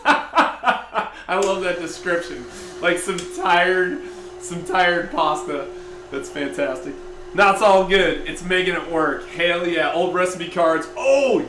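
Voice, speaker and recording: A man with a bright, forceful voice hosts a home cooking stream, chatting loosely and reading out viewer comments. He sits back from the mic, and his kitchen rings with echo. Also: sits high, takes it slowly, a little hiss or hum. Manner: chatty, reads out viewer comments, lots of fillers. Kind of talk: casual live-stream chat. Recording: echoey room, mic at a distance.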